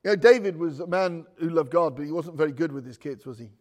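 A man's voice: on the high side, quick pace, darkish tone. A man preaching a chatty, joking sermon full of asides. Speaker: pastor.

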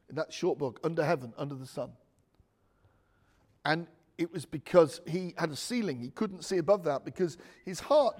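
A man preaching a chatty, joking sermon full of asides. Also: sits high. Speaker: pastor.

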